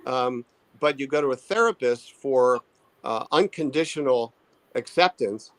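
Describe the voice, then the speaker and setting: A man speaking as a therapist and author in an interview, thoughtful and halting, restarting his sentences often. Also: mid-range voice, animated, no echo, poor audio. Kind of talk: conversational expert interview.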